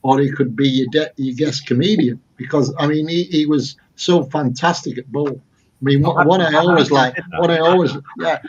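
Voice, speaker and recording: A man's voice: a little high, normal speed. Chatty man telling anecdotes, dull lo-fi sound. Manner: chatty anecdote teller with many restarts. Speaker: guest, football author and historian. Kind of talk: casual panel discussion.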